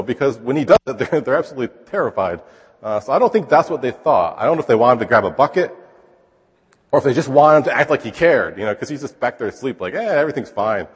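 Guy preaching casually, slightly husky voice, tosses questions at the crowd, echo trailing off in a big hall. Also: fairly high pitch. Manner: chatty, asks the listeners rhetorical questions. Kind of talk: conversational sermon. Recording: long hall reverb.

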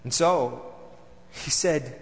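A man performing a theatrical monologue as a bitter, vengeful temple council elder, moving between loud outbursts and hushed, seething lines. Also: a little high, extremely slow, long reverb tail. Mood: recounting, measured.

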